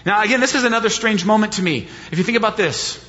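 A man with a high voice preaches a sermon in a conversational, questioning way and drives his points home by repeating them. His voice rings with long reverb through a church sanctuary. The sound is dull and lo-fi. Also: quick pace, bright, forceful tone. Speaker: pastor.

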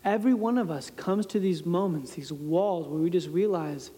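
A man's voice: sits high, normal speed, hardly any pauses, warm tone. A man in his thirties giving a storytelling sermon as a pastor, conversational and self-deprecating, often laughing at himself. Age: 30s. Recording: reverberant hall sound.

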